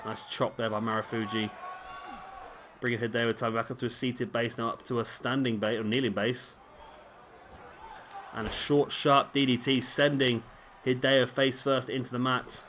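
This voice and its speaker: A man's voice: medium pitch, flat delivery, normal speed, long pauses, a bit bright. Male game commentator, everyday mid-range voice, chatty and musing, faint hiss behind. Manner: rambling, self-questioning, chatty. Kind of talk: casual play-by-play commentary.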